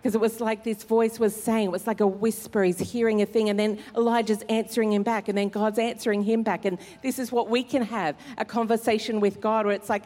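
A woman's voice: mid-range voice, fairly even intonation, fast, hardly any pauses, darkish tone. A woman pastor, preaching a sermon in an earnest, conversational way with fillers. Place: church service hall. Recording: long hall reverb in church.

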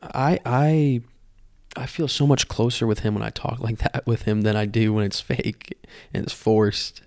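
Earnest gravelly-voiced man sharing testimony. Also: lowish voice, steady tone, a little mellow, no room sound. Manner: earnest, halting, repeats words. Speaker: podcast host. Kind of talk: personal testimony.

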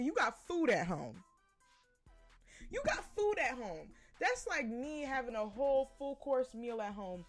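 A woman hosting a podcast, giving her opinions in a blunt, profane, casual monologue and laughing often. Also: a little high. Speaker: podcast host.

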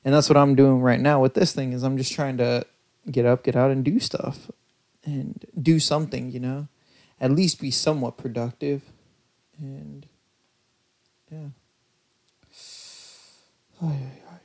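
A man's voice: medium pitch, steady tone, normal speed, a little mellow. A young man hosting his own podcast, rambling loosely and mocking himself, sounding tired and lethargic. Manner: rambling, self-mocking, loose storytelling with lots of fillers. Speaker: podcast host. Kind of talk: casual solo podcast rambling.

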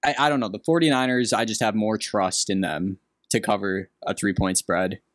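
A man's voice: on the low side, steady tone, normal speed, no echo, clean studio sound. A young man from Green Bay co-hosting a podcast, giving blunt, opinionated takes in casual sports chat. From Green Bay, Wisconsin. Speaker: podcast co-host.

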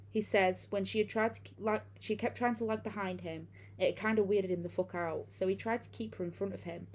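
A woman's voice: fairly low pitch, a little mellow, a little hiss or hum. A woman reading a first-person horror story aloud in a casual, profane way. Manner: casual, profane retelling with many fillers. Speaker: narrator.

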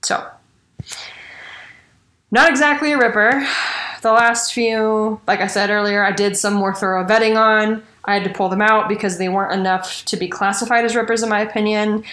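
A woman's voice: mid-range voice, steady tone, normal speed, a bit bright, reverberant. A woman hosting a casual true-crime podcast, chatty and swearing casually. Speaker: podcast host.

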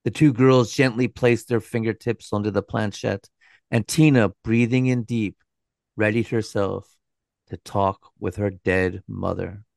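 Male co-host narrator, low gravelly tone, unhurried, measured delivery. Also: fairly even intonation, a little mellow, no room sound. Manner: measured, dramatic, with a dry aside. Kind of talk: scripted storytelling narration.

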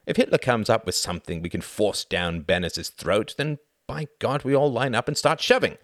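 A man's voice: fairly low pitch, moderate pace, no room sound, clean studio sound, pitched above the performer's own voice, lightly acted. A man reading the part of a weary, cynical older aristocratic diplomat with a sardonic drawl.

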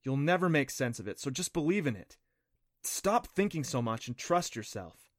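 A man's voice: medium pitch, sing-song, moderate pace, dry recording, lightly acted. An eager young boy adventurer speaks earnestly and encouragingly, voiced by a man narrating a storybook. His voice sits a little above the narrator's own. The sound is dry and close.

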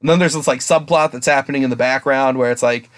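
Excitable swearing man, dry close sound. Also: fast, no room sound. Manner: excitable, swears a lot, acts out quotes in a higher voice. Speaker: podcast co-host. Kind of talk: casual podcast chat.

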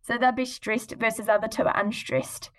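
A teenage girl with a fairly high voice talks about her writing as a podcast guest. She sounds polite and earnest and giggles now and then. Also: flat delivery, fairly quick. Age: teens. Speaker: guest, young poet. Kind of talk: casual interview chat.

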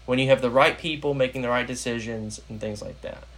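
A man's voice: mid-range voice, steady tone, quick pace, a bit bright. A young American man hosting a casual political podcast, rambling with lots of fillers. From United States. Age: young adult. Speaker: podcast host.

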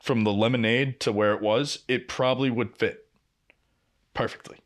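Young guy on a podcast, swears a lot, acts out both sides of an argument, mid-pitched voice. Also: moderate pace. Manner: profane, animated, acts out quoted exchanges. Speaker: podcast co-host. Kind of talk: casual storytelling.

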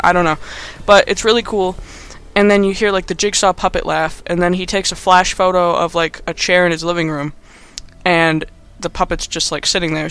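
A man's voice: high voice, sharp tone, clear, resonant tone. A young man recapping a movie in a casual, rambling, sarcastic way, laughing as he talks. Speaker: podcast host.

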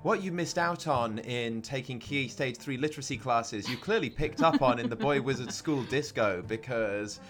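A man's voice: medium pitch, normal speed, hardly any pauses, a bit bright, soft background music. A man narrating a tabletop role-playing game as game master, playful and descriptive.

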